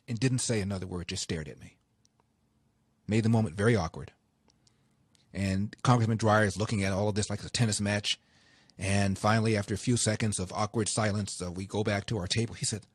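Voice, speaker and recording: Dry-voiced radio host telling stories. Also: male voice, on the low side, brisk, husky, dry recording. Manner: animated, acts out the dialogue he quotes. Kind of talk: storytelling anecdotes.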